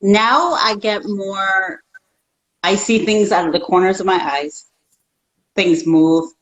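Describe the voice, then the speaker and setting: A woman's voice: mid-range voice, takes it slowly, rough recording. A woman guest in a casual chat, talking in a rambling way with many restarts.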